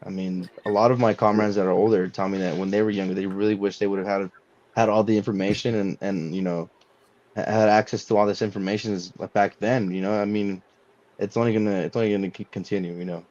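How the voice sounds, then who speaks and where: A man's voice: on the low side, fairly even intonation, quick pace, a little mellow. A man on a podcast, talking casually and rambling with lots of fillers and restarts. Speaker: podcast co-host. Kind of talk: casual chat. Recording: dull lo-fi sound.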